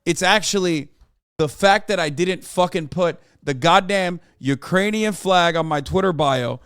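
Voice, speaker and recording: Brief: American male streamer, smooth voice in a dry room, sarcastic and profane. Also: high-pitched, measured pace, a bit bright, no room sound. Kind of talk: casual livestream commentary.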